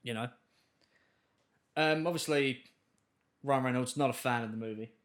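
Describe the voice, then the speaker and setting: A man's voice: mid-range voice, moderate pace. A man co-hosting a movie review podcast, rambling and stumbling over his words in casual chat. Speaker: podcast co-host.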